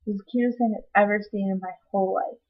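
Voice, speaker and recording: A woman's voice: medium pitch, fairly even intonation, racing. Young woman rambling thru a vlog update, lots of ums, kinda dull lo-fi webcam sound. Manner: rambling, chatty, with many ums. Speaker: vlogger. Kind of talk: casual personal update vlog. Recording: slightly dull lo-fi webcam audio.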